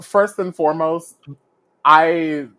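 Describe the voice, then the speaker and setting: A man co-hosting a casual podcast chat, talking with playful storytelling and drawn-out phrases. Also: dry recording. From Jamaican heritage. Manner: animated, playful storyteller, drawls and swings his pitch. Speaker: podcast co-host. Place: remote virtual studio.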